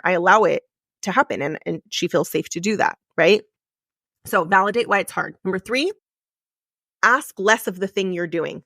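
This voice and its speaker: A woman's voice: medium pitch, fairly bright tone, dry recording. A middle-aged woman speaks straight to her podcast listeners, open and heartfelt, with her feelings close to the surface. She leans on repetition to drive her points home. The close mic leaves her voice dry, with no room sound at all. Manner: emotional, candid, earnest; repetitive and emphatic. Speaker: podcast host. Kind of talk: solo podcast coaching talk.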